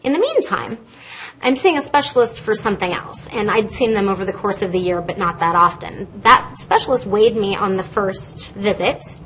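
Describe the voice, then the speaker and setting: A woman pharmacist giving a lively, conversational health talk to an audience from a podium, a fast talker by habit. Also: mid-range voice, slight background noise. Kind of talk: lecture to a live audience from a stage. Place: stage in a lecture hall. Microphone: podium microphone.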